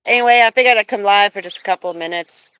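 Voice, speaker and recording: A woman's voice: mid-range voice, quick pace, sharp tone, clear, resonant tone, dry recording. A young woman live-streaming outdoors by phone, cooing in baby talk to her pet geese and chatting to viewers. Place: outdoors with geese and other animals.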